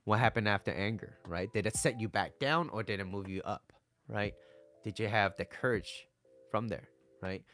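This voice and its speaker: Young male coach, low voice, blunt, swears freely, slips into quoted voices, faint music underneath. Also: moderate pace, fairly bright tone. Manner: blunt, profane, acts out what people say in quoted voices. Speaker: dating and relationship coach. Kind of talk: casual coaching talk.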